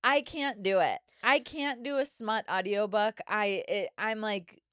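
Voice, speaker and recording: A woman's voice: mid-range voice, a little slow, a bit bright, clean tone, no echo, clean studio sound. A young woman co-hosting a casual podcast, blunt and dramatic in her reactions, swearing often. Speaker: podcast co-host. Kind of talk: casual chat.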